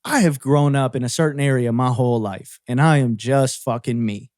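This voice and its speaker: A man from Cleveland co-hosting a podcast, talking in a casual, animated and profane way. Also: mid-range voice, normal speed, no echo, clean studio sound. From Cleveland, Ohio. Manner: animated, profane, mimics voices. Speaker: podcast co-host.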